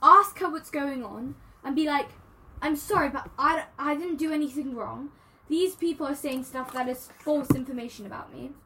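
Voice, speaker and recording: Bright high-voiced teenage girl. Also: normal speed, slight background noise, low-quality recording. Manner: reads out her points in a list. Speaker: podcast co-host. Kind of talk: casual chat.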